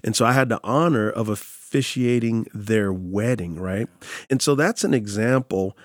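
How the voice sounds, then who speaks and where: A man's voice: on the low side, moderate pace, no room sound, clean studio sound. A man who is a pastor, telling stories in an interview and acting out the quotes in them. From San Antonio, Texas. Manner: animated storyteller, acts out quotes. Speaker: pastor and author. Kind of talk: storytelling in an interview.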